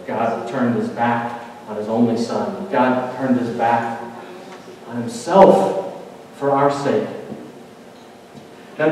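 A man preaching a sermon, building to intense climaxes and dropping to hushed, quiet emphasis. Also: mid-range voice, a little hiss or hum. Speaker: pastor. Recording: roomy hall reverb, mic at a distance.

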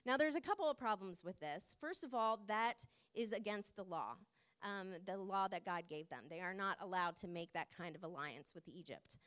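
A woman preaching a sermon in an earnest, measured way, with frequent pauses and fillers. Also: mid-range voice, animated, a bit bright.

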